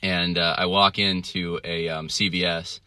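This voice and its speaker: A man's voice: low-pitched, little pitch movement, a little slow, sharp tone, smooth, no echo. Guy rambling on his podcast, lots of ums, dry close sound. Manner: rambling, many fillers and restarts. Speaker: podcast host. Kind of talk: casual podcast monologue. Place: traveling, indoors.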